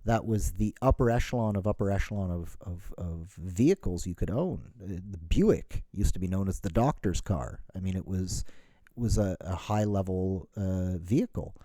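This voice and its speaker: A middle-aged man from Canada talks to listeners in a relaxed solo episode. His voice sits very low with a warm, mellow tone. The sound is close and dry, and he wanders through his points with restarts and plenty of "you know"s. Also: moderate pace, dry recording. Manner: rambling, self-correcting, lots of "you know". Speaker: podcast host. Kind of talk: casual solo talk.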